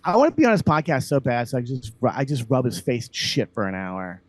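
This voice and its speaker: Ranting, profane podcast host. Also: male voice, medium pitch, big pitch swings, fast talker, no echo. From Louisiana. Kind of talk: casual podcast rant.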